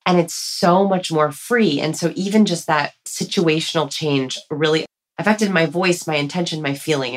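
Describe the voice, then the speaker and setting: A low-pitched woman talks as a podcast guest, eager and quick to explain. Her tone is playful, and she speaks standing up. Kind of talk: casual podcast conversation. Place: standing while recording.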